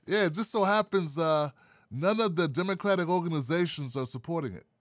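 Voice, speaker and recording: A man's voice: on the high side, fairly quick, no room sound, studio quality. A man hosting a live political talk stream, chatting casually with viewers and making sarcastic asides. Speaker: show host.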